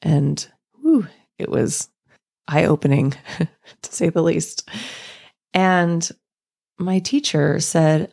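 A woman in her thirties hosts a reflective solo podcast, speaking slowly and thoughtfully in a low, gently gravelly voice. She's animated at times and eases into soft laughs.

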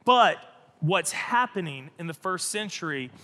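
Male pastor, high voice, bright and forceful, animated sermon, emphatic, long hall reverb. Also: unhurried. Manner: animated, emphatic, repeats phrases.

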